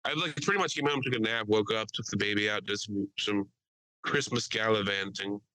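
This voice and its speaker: A young man telling stories on a casual podcast, talking loud, swearing freely and laughing often. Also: lowish voice, fairly quick, no room sound, poor audio. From Delaware County, Pennsylvania. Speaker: podcast host.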